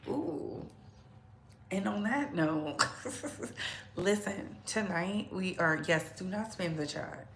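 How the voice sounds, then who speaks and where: A woman's voice: fairly low pitch, lively intonation, takes it slowly, gravelly. A woman hosting a casual livestream, chatting straight to her viewers and laughing often. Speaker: livestream host. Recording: echoey room with faint background noise.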